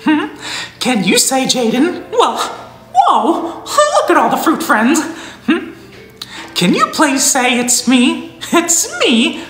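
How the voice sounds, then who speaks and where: A man's voice: very high voice, wildly swooping pitch, slow, a bit bright, full character voice. A man voicing a cheerful male cartoon mouse on a live stream, giggling and greeting viewers by name. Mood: giggly. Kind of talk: live-stream character impression. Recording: roomy room, faint music.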